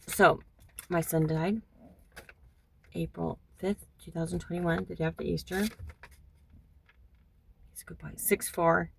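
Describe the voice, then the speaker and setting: Gravelly-voiced middle-aged woman, halting and reflective. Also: fairly low pitch, a little hiss or hum. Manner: halting, reflective, many pauses and fillers. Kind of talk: personal monologue. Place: in a hot car.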